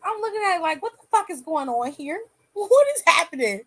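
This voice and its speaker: Woman, high voice, AAVE, casual livestream host, candid and profane, dry room. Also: big pitch swings, fairly quick, dry recording. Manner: candid, swears freely, laughs often. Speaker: aftershow host reading chat.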